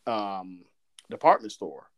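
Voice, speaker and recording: A man's voice: lowish voice, takes it slowly, muffled recording. A man from Southern Georgia with a faint Southern accent, co-hosting a podcast and telling stories in a rambling way with frequent laughter. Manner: rambling, laughs often, lively storytelling. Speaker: podcast co-host. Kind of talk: casual chat.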